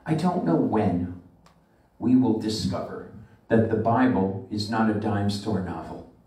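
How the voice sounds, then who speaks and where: A man's voice: lowish voice, mellow. Emphatic preaching man in an echoey hall. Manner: emphatic preaching, slows and swells on scripture. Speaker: rabbi. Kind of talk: sermon. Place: synagogue sanctuary. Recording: echoey room from far off the mic.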